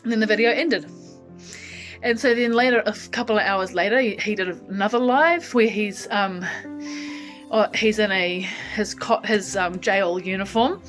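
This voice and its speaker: A woman talks casually to camera from her lounge at home, rambling with frequent ums as she thinks aloud. Her pitch sits in an ordinary middle range. Music plays clearly in the background. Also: moderate pace, fairly bright tone, low-quality recording. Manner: talks to her cat mid-story. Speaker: vlogger. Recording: music playing behind.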